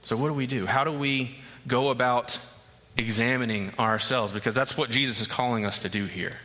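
A man's voice: mid-range voice, steady tone, fairly quick, pushed and bright. A man preaching a sermon, retelling a scripture story with building passion. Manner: storytelling, rising to impassioned intensity. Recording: long reverb of a large hall.

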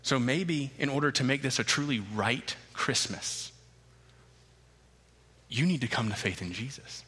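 A man preaching a sermon as pastor, emphatic and repeating key phrases with slow, deliberate stresses. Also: medium pitch, lively intonation, bright, forceful tone, slightly rough, long reverb tail. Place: church sanctuary.

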